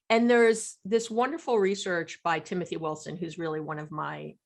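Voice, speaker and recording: A middle-aged woman psychologist, a podcast guest, explaining relationships in lively talk and acting out what partners say. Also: fairly low pitch, moderate pace, hardly any pauses. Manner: animated, acts out quoted partners.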